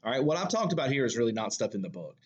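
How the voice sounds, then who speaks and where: A man's voice: mid-range voice, very animated, rapid-fire, slightly rough. A male English teacher with a Southern US accent giving a recorded lecture. He talks in a conversational way, full of fillers and self-corrections. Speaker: high school English teacher.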